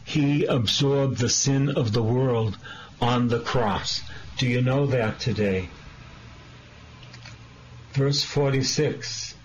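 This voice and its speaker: A man preaching a sermon as a priest, slow and earnest, pressing his listeners with direct questions. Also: mid-range voice, slight background noise, rough recording.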